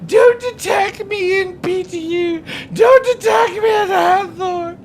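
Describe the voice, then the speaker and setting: A man mocking a shrill whiny gamer. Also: takes it slowly, vocal fry, a little hiss or hum, heavily acted. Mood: whining. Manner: shrill pleading cries. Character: whiny panicked male gamer begging not to be shot.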